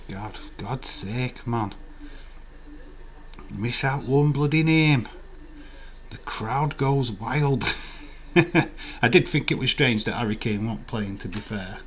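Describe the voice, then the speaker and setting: A man's voice: mid-range voice, slow pace, long pauses, a bit bright. A man hosting a live watch-along stream, rambling in casual, profane banter with his chat.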